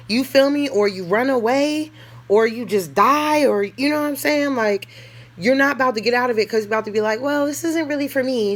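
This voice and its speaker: A woman's voice: fairly high pitch, a bit bright. A woman telling her own story in a casual storytime monologue, candid and blunt, with lots of slang and swearing, laughing now and then and acting out what others said. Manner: laughs through the telling and acts out other people's lines. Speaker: storyteller vlogger.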